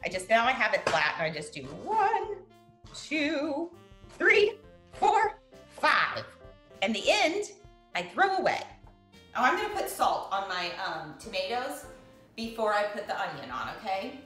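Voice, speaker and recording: A woman walks a friend through a recipe in a chatty, playful way. Her voice sits a little high and swings widely as she talks. The sound is roomy and echoey, with soft music playing underneath. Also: sing-song, unhurried, pauses often. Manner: chatty, playful, laughing often. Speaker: cooking show host. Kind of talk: casual cooking demonstration over video call.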